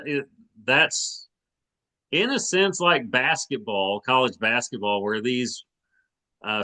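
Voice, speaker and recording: A man's voice: mid-range voice, pushed and bright. A man of around forty from Arkansas, co-hosting a sports podcast in casual chat, rambling with many restarts and hedges.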